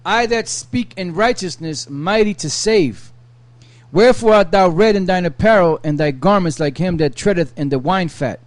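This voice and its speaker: A man with a fairly high voice reads verses aloud at a steady, measured pace. The recording is dry and close. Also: dry recording. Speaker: scripture reader. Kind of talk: reading scripture aloud.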